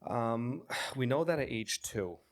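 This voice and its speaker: A man's voice: mid-range voice, expressive, slow. A man hosting a podcast, talking earnestly in a casual interview, often restarting and repeating words. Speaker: podcast host.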